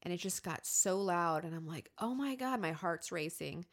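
A woman's voice: on the low side, moderate pace. A woman in her thirties hosting a podcast, talking openly and animatedly about her own life and acting out her inner voices. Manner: open, animated, confessional storytelling with acted inner voices. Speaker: podcast host. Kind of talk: candid conversational podcast talk.

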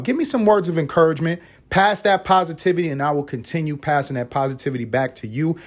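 Chatting solo in a relaxed style, this young podcaster from the U.S. spins a story with lively energy. His voice jumps around a lot in both pitch and loudness.

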